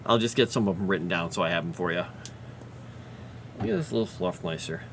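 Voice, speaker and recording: A man's voice: deep voice, a little fast, noisy background. A man chatting casually on a livestream, talking fondly to his pet and his viewers. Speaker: livestreamer and fantasy lore writer.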